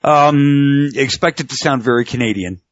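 A man's voice: mid-range voice, normal speed, dry recording. A man co-hosting a casual wrestling podcast, leading the topics and laughing often. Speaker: podcast co-host. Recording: dull dry lo-fi sound.

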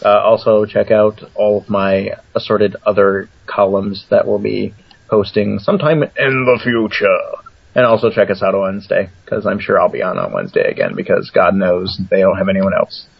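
Self-deprecating guest; man with a low, husky voice on dry, dull audio. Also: no room sound. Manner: self-deprecating, halting restarts. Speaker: guest columnist. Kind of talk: casual radio chat.

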